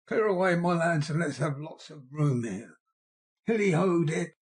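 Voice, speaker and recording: A man voicing a jolly, fat old male merchant who calls out loudly and cheerfully. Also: on the high side, animated, unhurried, breathy edge. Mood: jovial. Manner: loud, cheerful calling out.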